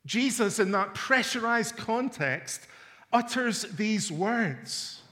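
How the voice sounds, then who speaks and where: A man preaching a sermon, dramatic, swinging from loud emphatic lines to hushed low ones. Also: animated, slow pace.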